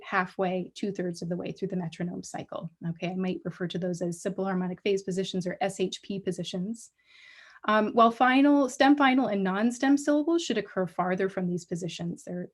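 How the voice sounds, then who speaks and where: A woman's voice: medium pitch, a little mellow. A woman giving an academic colloquium talk, explaining step by step with frequent ums and restarts. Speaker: guest lecturer. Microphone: livestream talk mic.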